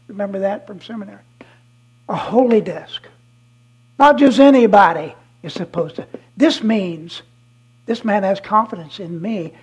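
A guest preacher gives a fiery, emphatic, repetitive sermon, moving from shouted declarations to hushed asides. His voice is mid-range and husky, and the recording is rough.

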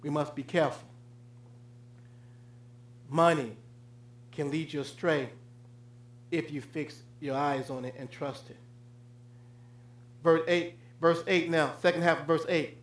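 Male pastor, high voice, dynamic sermon delivery from hushed to loud, echoey room. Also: expressive, a little slow, long pauses. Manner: swings from loud high preaching to low hushed tones.

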